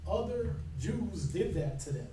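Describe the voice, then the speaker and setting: Guy teaching a bible class, talky and loose, keeps asking "right?", high voice, echoey room. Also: big pitch swings, measured pace, noisy background. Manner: conversational, asks the class "right?" often. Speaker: teacher leading a scripture class. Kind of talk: informal sermon teaching. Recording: echoey room recorded from far off.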